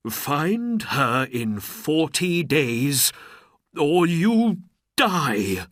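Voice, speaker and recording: A woman voicing an angry, commanding sultan in a storybook reading, giving slow, stern commands. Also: low-pitched, very animated, no echo, clean studio sound, pitched above the performer's own voice, heavily acted. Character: angry commanding male sultan, older ruler.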